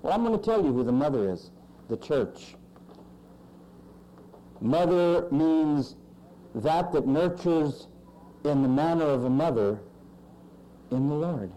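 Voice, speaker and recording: A male pastor preaching a sermon with emphatic swings in pitch and loudness. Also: lively intonation, slow pace, pauses often, rough recording.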